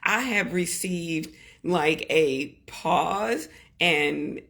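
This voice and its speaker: A woman hosting a podcast, talking earnestly to her listeners and gently coaching them in slow, deliberate phrases. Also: lowish voice. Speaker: podcast host. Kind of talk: reflective solo podcast talk.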